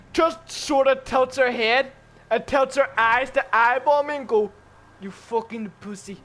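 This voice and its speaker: Man telling a wild story, profane and animated. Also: very high voice.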